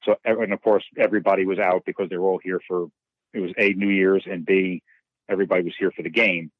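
A man from New York who works as a bartender, telling bar stories casually with lively, profane asides and many restarts. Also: sits low, fast, dry recording, phone-quality sound. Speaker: bartender and guest. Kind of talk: casual storytelling.

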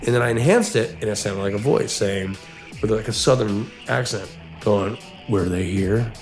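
A podcast co-host with a lowish, fairly even voice tells a long story at a moderate pace in a casual conversation, often repeating words as he goes. Faint music plays in the background.

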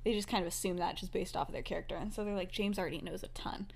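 A woman's voice: fairly low pitch, fairly even intonation, racing, creaky, a little mellow, slightly rough. Young female podcast host, chatty storyteller, laughs a lot, acts out her characters' lines. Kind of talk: casual fan-fiction storytelling chat.

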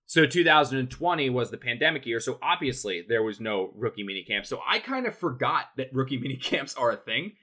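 A man's voice: mid-range voice, very animated, a little fast, hardly any pauses, sharp tone. A young man telling a rambling story in casual podcast chat as a sports reporter, full of fillers and restarts. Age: young adult.

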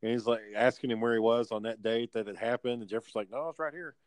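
A man's voice: mid-range voice, level tone, quick pace, no echo. A man telling a story in casual chat, laid-back and rambling, swearing and using lots of fillers.

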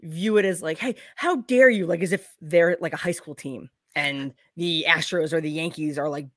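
A woman's voice: low voice, steady tone, normal speed, no room sound, studio quality. A young woman who is a guest on a casual podcast. She talks bluntly, gives strong opinions and swears.

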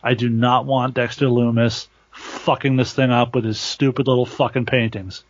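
A man's voice: mid-range voice, little pitch movement, moderate pace. A man co-hosting a podcast in casual chat, blunt and critical, with heavy swearing. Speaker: podcast co-host. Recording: dry, dull lo-fi podcast audio.

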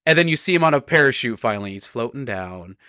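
Excitable young man, dry close sound. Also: medium pitch, fast talker, dry recording. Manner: excitable, swears a lot, acts out reactions. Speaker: podcast co-host. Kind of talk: casual movie review chat.

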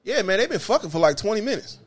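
Speaking very fast in a high-pitched voice, this Detroit-accented podcast host, once a bus driver, tells outlandish stories in relaxed conversation. He swings between loud, cursing animation and quiet muttering.

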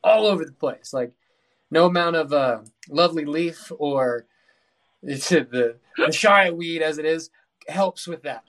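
A man with a slightly high voice talks casually on a podcast. He wanders through his ideas and often restarts sentences midway. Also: a little slow, fairly bright tone.

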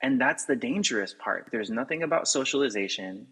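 A man in casual podcast conversation, talking in an animated, emphatic way and laughing often. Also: medium pitch, fairly quick, husky, low-quality recording. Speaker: podcast guest. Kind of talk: casual critical chat.

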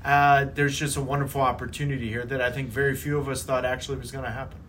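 A man's voice: mid-range voice, flat delivery, fast, fairly bright tone, slight background noise. A man from the United States, a football pundit and guest, teasing and wisecracking in casual chat. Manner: teasing, wisecracking, then earnest.

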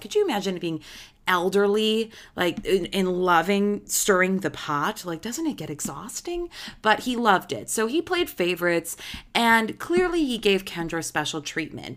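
A woman in her thirties hosts a podcast in a casual storytelling monologue. Her voice sits a little low for a woman, and she talks in a chatty, gossipy way, leaning hard on the juicy parts. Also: fairly bright tone. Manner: chatty, gossipy, emphatic retelling. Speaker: podcast host.

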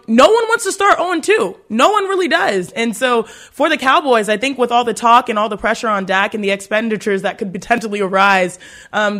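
This is a woman from Texas co-hosting a sports radio show. Her voice has a bright, clear edge. Her delivery is lively and conversational, with frequent casual fillers. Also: fairly high pitch.

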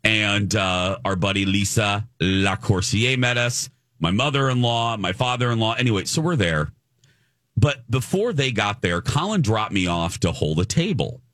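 Male podcast co-host, chatty storyteller, lively pitch, dry booth sound. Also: normal speed, no room sound. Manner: animated, acts out quoted voices. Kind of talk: casual storytelling chat.

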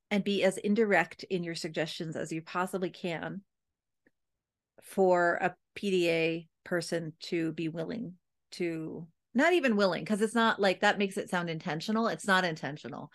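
A woman in her thirties tells a parenting story in a loose, chatty way, full of "like" and "you know." She speaks at an ordinary middle pitch and talks straight to her listeners as a parenting coach. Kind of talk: casual personal storytelling.

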